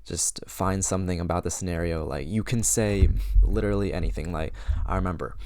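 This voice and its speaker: A man's voice: sits low, fairly even intonation, brisk, gravelly, darkish tone, dry recording. A young man around eighteen giving casual social advice to camera, chatty and full of fillers, acting out sample lines.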